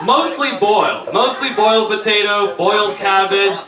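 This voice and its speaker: A man with a high-pitched voice, performing stand-up on a small theater stage. His delivery is punchy and teasing as he works the crowd. The sound is echoey and distant, with loud noise behind him. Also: normal speed. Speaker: stand-up comedian. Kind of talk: stand-up comedy set with crowd work.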